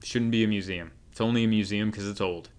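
A man's voice: lowish voice, steady tone, fast talker, a little mellow, smooth. A young man doing a comedic monologue, telling rambling stories with wry asides. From United States.

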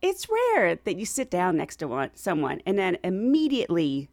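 A middle-aged American woman telling a travel story in a chatty, animated way, laughing often and acting out what she and others said. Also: on the low side, moderate pace, dry recording, studio quality. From United States.

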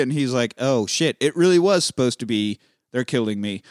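A man's voice: medium pitch, quick pace, no echo, studio quality. A man casually recapping a film as a podcast host, swearing freely and acting out the characters' lines. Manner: profane, acts out characters' lines.

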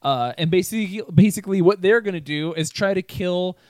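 A young man telling stories on a podcast, cussing freely and laughing as he goes. His voice sits a bit high and comes across smooth and resonant. The sound is dry and close, with no room around it. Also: a little fast, a little mellow, no room sound. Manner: laughing, profane storytelling. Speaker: podcast co-host. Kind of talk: casual chat.

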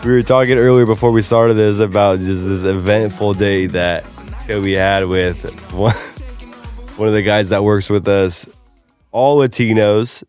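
A man's voice: fairly low pitch, fairly even intonation, measured pace, darkish tone, faint music behind. A man hosting a casual podcast, brash and joking, swearing freely. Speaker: podcast host. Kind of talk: casual crude banter and ad read.

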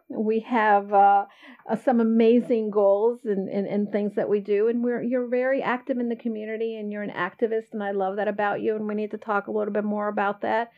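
Chatty high-voiced woman host. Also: phone-quality sound. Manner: chatty, effusive, laughs easily. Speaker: podcast host. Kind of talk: casual interview chat.

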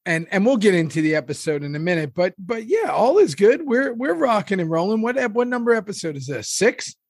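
A man co-hosts a podcast in loose, casual chat, wandering through stories full of fillers and little acted-out quotes. His voice sits a bit high for a man. The sound is dry and close, with no room around it. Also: very animated, brisk, husky, dry recording. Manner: rambling storyteller, lots of fillers and acted quotes. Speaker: podcast co-host.

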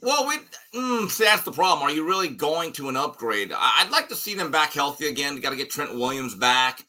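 A man's voice: fairly high pitch, big pitch swings, brisk, bright, forceful tone. A man giving blunt, emphatic and sarcastic opinions as a guest analyst on a sports talk show.

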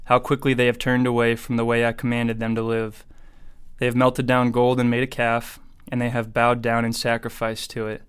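A man voicing the Lord as a stern, almighty male God, with an even, measured reading delivery. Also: medium pitch, clear, resonant tone, close to an everyday voice.

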